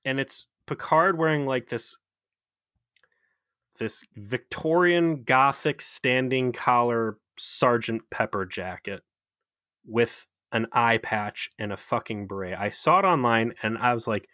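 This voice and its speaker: Bright, dry-voiced man ranting. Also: mid-range voice, slow pace, no echo. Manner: ranting, profane, sarcastic. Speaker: podcast co-host. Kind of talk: casual critique chat.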